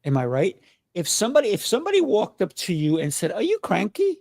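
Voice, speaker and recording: A man's voice: high-pitched, huge pitch swings, quick pace, darkish tone, dry recording, clean studio sound. A man hosting a casual conversation, coaching with rhetorical questions. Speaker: host.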